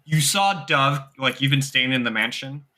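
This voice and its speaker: Bright-voiced young man running a game. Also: medium pitch, expressive, normal speed. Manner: loose, filler-heavy narration with frequent "like". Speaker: game master. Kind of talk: narrating a tabletop game.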